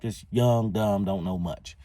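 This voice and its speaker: A man hosting a solo podcast, telling a personal story in a casual, conversational, animated way. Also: fairly low pitch, takes it slowly, no echo. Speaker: podcast host.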